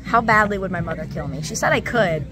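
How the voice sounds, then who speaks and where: A woman's voice: medium pitch, animated, fast talker. A young woman under twenty-one chatting casually to her phone camera, giggly and rambling with lots of "like". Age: young adult, under 21. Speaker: vlogger. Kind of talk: casual vlog chat to camera. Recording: music playing under the voice.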